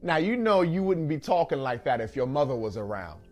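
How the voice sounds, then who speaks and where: A motherly middle-aged woman at an airline counter, calm and gently chiding, as a man puts her on in a spoken-word poem. Her tone is low and soothing, with faint guitar under it. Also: brisk.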